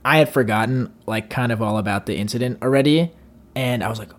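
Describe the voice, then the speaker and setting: This co-host is a fast talker with a mid-range voice. On a casual podcast he tells a long anecdote in a loose, rambling way, animatedly acting out its characters with yelling.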